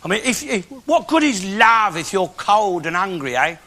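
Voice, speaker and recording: An actor playing a bigoted, loudmouthed old working-class Londoner with a Cockney accent, ranting crudely through a stand-up monologue on a theatre stage. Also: male voice, high voice, very animated, moderate pace, heavily acted. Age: older. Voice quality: blustering, crude, opinionated ranting. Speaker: comic character in a one-man stage show. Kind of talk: stand-up comic monologue with audience banter. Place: theatre stage before a live audience.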